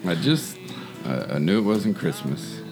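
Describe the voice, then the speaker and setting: Brief: very deep, animated male voice, deadpan one-liners, music clearly underneath. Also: unhurried. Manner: dry one-line quips. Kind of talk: casual podcast chat.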